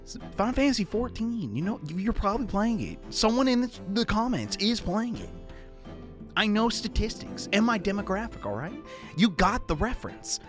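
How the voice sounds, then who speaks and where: A man doing let's-play commentary as a YouTuber, excitable and jokey with loud outbursts. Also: high-pitched, normal speed. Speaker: gaming YouTuber. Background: faint game music.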